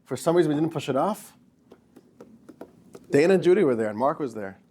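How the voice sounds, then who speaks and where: A man's voice: on the high side, lively intonation, brisk, warm tone, a little hiss or hum. A man teaching a class as a rabbi, telling jokes and addressing the listeners as dear friends. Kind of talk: lecture with jokes.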